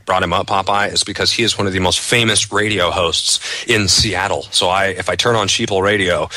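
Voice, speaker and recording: A man speaking as a guest on a talk radio show, in a casual, earnest manner with some halting restarts. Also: low-pitched, sharp tone, dry recording. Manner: earnest, agreeing, sometimes halting.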